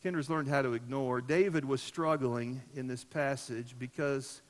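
A middle-aged man preaching a sermon as pastor of a church, telling stories and swinging from loud emphasis to soft, low asides. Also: moderate pace. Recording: echoey church hall.

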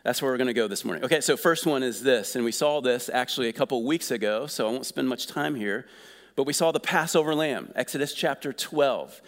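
A man preaching a sermon in a conversational, energetic way, asking the congregation questions. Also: medium pitch, brisk, in a large hall. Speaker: pastor.

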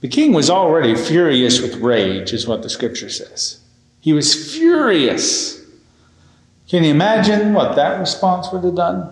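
A man preaching a sermon as minister, retelling a scripture story with animated emphasis. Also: a little high, a little slow, roomy sound, rough recording. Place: church sanctuary.

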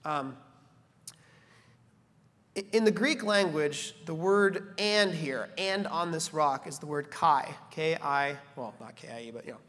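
A man preaching a sermon as a pastor, animated, building to emphatic peaks and slipping in joking asides. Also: on the high side, a little slow. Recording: reverberant church hall.

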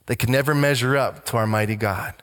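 A male pastor preaching a sermon, emphatic, slowing and dropping low to stress key lines. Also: a bit bright. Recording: long hall reverb.

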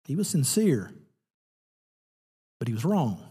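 A man preaching a sermon as pastor, telling a story with animated, lively delivery. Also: medium pitch, slow, husky, big-room sound.

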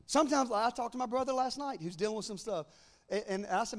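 A man preaching a sermon, moving between fervent shouted proclamation and quieter conversational teaching. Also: very high voice, fast talker, in a large hall.

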